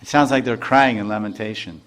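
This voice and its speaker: A man's voice: on the low side, fairly even intonation, fairly quick, a bit bright. An older man, a spiritual teacher, giving a devotional lecture in a loose, conversational way with many asides and restarts.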